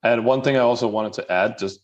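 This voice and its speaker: A man's voice: mid-range voice, brisk, dull audio. A man, a guest in a casual roundtable, talking hesitantly with many fillers.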